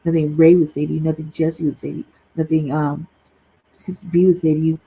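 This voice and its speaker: Husky, gravelly low-voiced woman, blunt. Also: little pitch movement, fairly quick, mellow, rough recording. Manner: blunt and profane, tags lines with "right?". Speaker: panelist on a livestream talk show. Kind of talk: casual heated talk. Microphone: remote streaming call.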